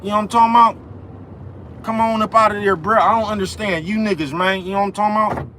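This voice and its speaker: A young man hosts a livestream from outside, his voice sitting a little high. He rants in a loose, profane, repetitive way, constantly asking if you follow him. Faint traffic hums behind him. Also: fairly even intonation, fast, bright, forceful tone. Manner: profane, repetitive, keeps asking "you know what I'm talking about". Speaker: livestream host. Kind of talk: ranting live-stream monologue. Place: outdoors in the cold, near traffic.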